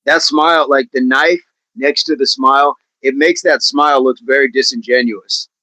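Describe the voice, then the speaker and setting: A man's voice: mid-range voice, steady tone, moderate pace, pushed and bright, dry recording, rough recording. Chatty man hosting a fitness livestream. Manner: chatty, rambling, laughs often, reads out chat. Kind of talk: casual livestream chat with viewers.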